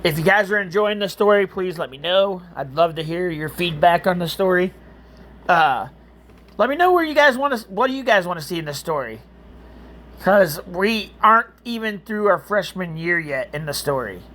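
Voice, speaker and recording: A man reading a second-person story to viewers in an earnest, gentle way, with chatty asides. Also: high voice, sing-song, moderate pace. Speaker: storyteller and channel host.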